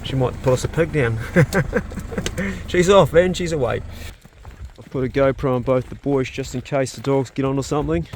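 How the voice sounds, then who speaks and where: A man's voice: medium pitch, moderate pace, a little hiss or hum. A man giving casual, chatty vlog commentary outdoors and in a truck, talking to his dogs as he goes. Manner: laid-back, chatty, talks to his dogs. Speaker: vlogger.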